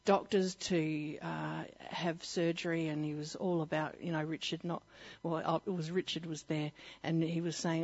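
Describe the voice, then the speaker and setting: A woman's voice: sits low, flat delivery, normal speed, a little mellow, breathy edge, dull audio. A woman giving a personal testimony and Bible teaching, telling her story in a chatty way with frequent laughs and fillers.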